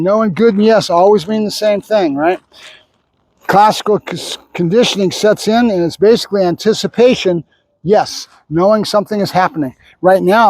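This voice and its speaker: A man working as a dog trainer, explaining his methods while he trains, chatty and full of quick repeated marker words like "good" and "nope". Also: sits high, darkish tone, no echo. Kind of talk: instructional training narration.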